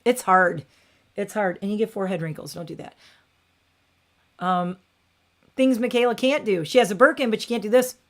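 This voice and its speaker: A woman's voice: medium pitch, lively intonation, fairly quick, pauses often. A woman hosting a casual livestream, rambling and opinionated, with frequent "like" and restarts. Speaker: beauty channel host.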